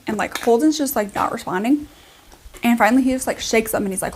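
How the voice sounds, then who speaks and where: A young woman with a somewhat high-pitched voice tells a long story in a casual, chatty way. She fills it with "like" and asides and keeps it animated as she does her makeup. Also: brisk, long pauses. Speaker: beauty vlogger.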